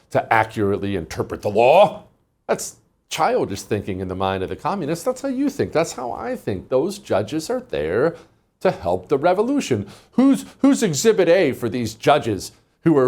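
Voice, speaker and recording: A man's voice: medium pitch, darkish tone. A man hosting a political commentary monologue, mocking and emphatic, with many rhetorical questions.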